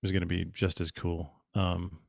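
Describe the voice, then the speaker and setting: Gravelly low-voiced man telling stories. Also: moderate pace, no echo. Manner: animated storyteller, acts out quotes. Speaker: podcast guest. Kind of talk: casual chat.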